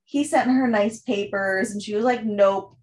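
A woman's voice: on the high side, normal speed, darkish tone. A woman co-hosting a casual book discussion, recapping the plot in a chatty way with many fillers. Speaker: book podcast co-host.

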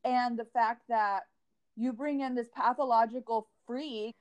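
A woman's voice: fairly high pitch, steady tone, measured pace, dry recording. Woman cohost gossiping, blunt and sweary, dry mic. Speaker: podcast co-host. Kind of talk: casual chat.

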